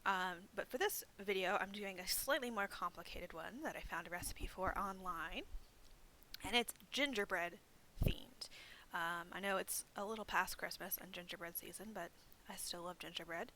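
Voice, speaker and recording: On a low-quality recording with slight background noise, a young woman hosts a library craft demonstration in a fairly low, pushed, bright voice at normal speed. She chats casually, pokes fun at herself, and fills her speech with "um" and "like."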